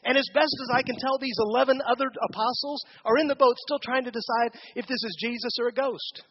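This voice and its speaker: A man's voice: very high-pitched, steady tone, brisk, highs cut off, a little hiss or hum. A man giving a conversational sermon as a pastor, asking the congregation questions during a church service.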